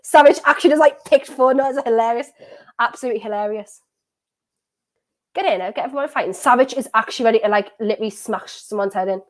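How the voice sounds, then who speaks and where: A woman's voice: fairly high pitch, fast talker. A young woman, live-streaming her reactions to a football match and chatting to viewers. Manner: excitable, swings from laughing to dejected, talks to viewers. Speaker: streamer hosting a football watchalong.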